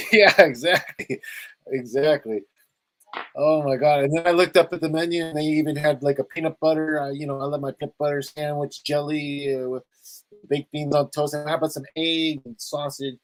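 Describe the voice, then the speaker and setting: A man's voice: fairly high pitch, fairly even intonation, moderate pace, no echo, low-quality recording. A man from Los Angeles hosting his own show, chatting loosely and rambling over a video call, with easy laughs. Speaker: talk show host. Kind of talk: casual video call chat.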